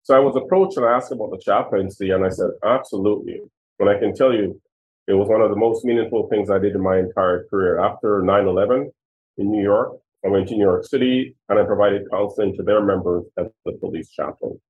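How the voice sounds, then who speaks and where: A man's voice: fairly low pitch, a little fast, darkish tone. Earnest older man on a tinny line. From Jamaica. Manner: earnest, emotional storytelling. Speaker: retired police chief, guest. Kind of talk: storytelling interview answers.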